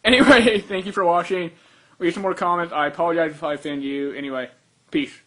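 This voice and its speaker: A man's voice: on the high side, fairly even intonation, fast talker, a bit bright. A young man in a played clip of his own rant video, rambling crudely and offhand.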